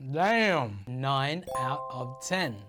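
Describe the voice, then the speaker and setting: Low-voiced woman, enthusiastic taster. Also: animated, noisy background. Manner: enthusiastic, quick tasting remarks. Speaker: chef tasting food.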